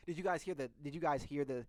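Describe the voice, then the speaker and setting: A man's voice: on the high side, dry recording. Candid young man telling a rambling story. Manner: candid, rambling, with frequent restarts. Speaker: vlogger. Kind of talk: casual storytelling. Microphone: microphone close by.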